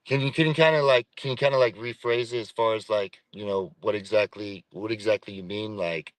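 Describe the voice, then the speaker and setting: A man's voice: lowish voice, fairly even intonation, a little fast, no room sound, rough recording. A man in his thirties, a podcast guest, speaking reflectively and casually with swearing and repeated phrases.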